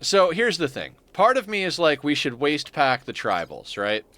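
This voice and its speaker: A man's voice: on the high side, huge pitch swings, moderate pace, sharp tone, dry recording. A man streaming a game, chatting casually in a rambling, profane way and laughing often. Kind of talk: casual gaming stream chat.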